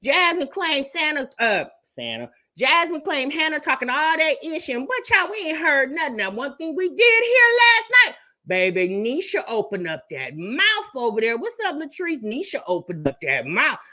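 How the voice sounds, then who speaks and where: A woman's voice: high voice, wildly swooping pitch, moderate pace, sharp tone. A woman hosting a casual livestream commentary, sassy, calling listeners baby and honey while greeting the chat.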